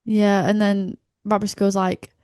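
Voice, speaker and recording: A young woman co-hosting a wrestling podcast in a playful, animated, sweary chat. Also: mid-range voice, unhurried, clear, resonant tone, dry recording. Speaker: podcast co-host. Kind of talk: casual chat.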